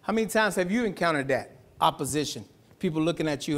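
A man pastor preaching a Sunday sermon in a church, talking in a loose, slangy way, sometimes shouting and sometimes dropping to a hush. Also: fairly high pitch, lively intonation, fast talker. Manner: conversational preaching with slangy asides and laughs; swings from shouting to hushed.

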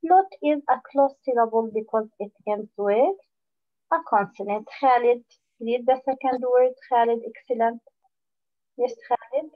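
A woman teaching a phonics lesson online, patient, full of praise, and repeating words slowly for her pupils. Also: a little high. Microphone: video call. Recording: dull lo-fi online call audio.

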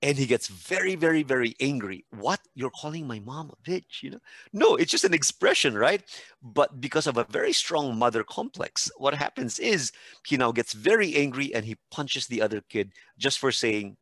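A man's voice: mid-range voice, moderate pace, no echo. A man telling classroom stories, dry close sound. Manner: animated storytelling with acted-out quotes. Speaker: podcast guest expert and teacher. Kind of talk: casual podcast conversation.

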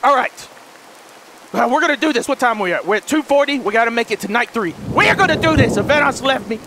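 A man hosting a horror let's play, frantic and jumpy, shouting and pleading, then muttering low to himself. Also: animated, quick pace, heavy background noise. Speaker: gaming channel host.

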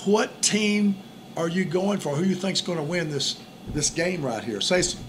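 At a moderate pace and in a high-pitched voice, a man co-hosts a lighthearted dating chat, offering tips. He rambles, circling back on himself with "and all" and "it's like," and the recording has a noisy background.

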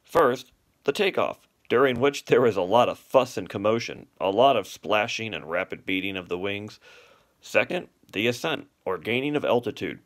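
A man's voice: lowish voice, expressive, normal speed, lightly acted. A man voicing a long-winded, pompous father swan in a storybook reading, delivering grand lecturing speeches. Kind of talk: storybook read-aloud.

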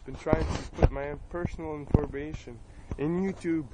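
Filming the sky on his cell phone camera outdoors near his home, an Acadian French Canadian vlogger rants in a slightly high voice with fairly even intonation at normal speed. He's furious, swearing constantly and repeating himself, over a noisy background.

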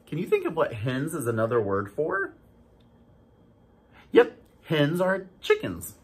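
School staffer reading a picture book to kids, husky, super expressive, asks questions. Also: medium pitch, a little slow, long pauses. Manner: animated, stops to ask children questions. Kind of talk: storybook read-aloud for kids.

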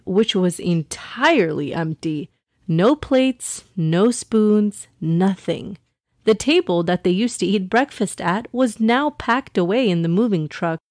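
Slow, gentle woman storyteller. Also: mid-range voice, a little hiss or hum. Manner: gentle and expressive. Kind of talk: children's story narration.

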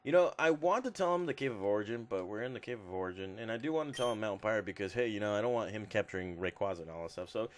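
A man's voice: on the low side, lively intonation, fast talker, few pauses, a little hiss or hum. A man giving casual, offhand walkthrough commentary on a video game, joking and trailing off into mumbles. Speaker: gameplay commentator. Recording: video game music underneath. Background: game music.

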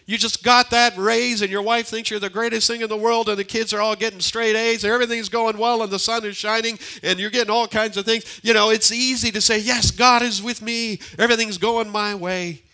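An older male pastor preaching in a church, his voice bright and a little high. He moves between forceful emphasis and quiet near-whispers, and repeats key lines. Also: flat delivery, a little fast, few pauses. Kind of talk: sermon. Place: church sanctuary.

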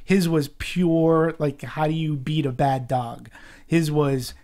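A co-host muses over a movie in a relaxed chat. The speech is hesitant and full of repeated words as thoughts form. The pitch is medium. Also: slow. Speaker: podcast co-host. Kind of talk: casual movie discussion.

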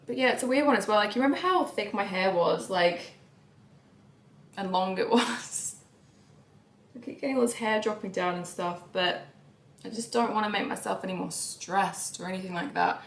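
A young woman vlogging about her life in a candid, emotional way. Her voice swings between soft, sighing lines and sudden raised outbursts. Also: lowish voice, moderate pace, creaky, roomy sound, slight background noise. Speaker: YouTuber. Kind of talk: confessional vlog talk.

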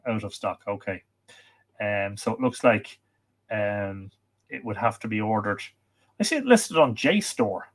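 An Irish man hosting a live stream, chatting casually, reading out viewer comments and recommending books, with plenty of ums and uhs. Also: mid-range voice. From Ireland. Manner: chatty, reads viewer comments aloud, many fillers. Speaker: livestream host. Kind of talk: casual livestream chat.

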